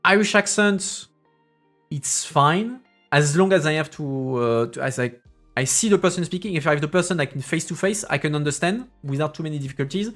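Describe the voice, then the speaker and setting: A streamer in his thirties who is also a parliamentary assistant tells stories on a casual stream, his French accent mixed with various English accents. His slightly high, brisk, somewhat bright voice rambles with frequent restarts and filler sounds over soft background music.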